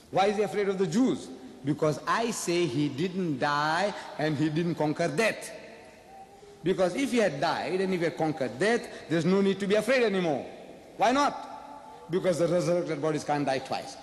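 A man's voice: on the high side, slight background noise. A man giving a public debate speech, firing off rhetorical questions and repeating his points for emphasis. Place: large lecture hall. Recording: echoey hall with faint ambience.

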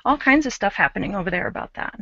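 A woman's voice: mid-range voice, lively intonation, quick pace, vocal fry, pushed and bright, dull audio, slight background noise. A woman co-hosting a live craft show, chatting casually and explaining her work as she goes, with a self-mocking humor.

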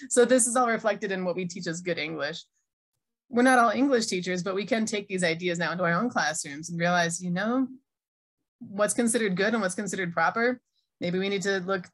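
A woman's voice: medium pitch, a bit bright. A middle-aged woman from Minnesota with an American accent, giving a conversational keynote talk and reading audience chat replies aloud. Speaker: keynote speaker, Arabic teacher. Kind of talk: online conference keynote.

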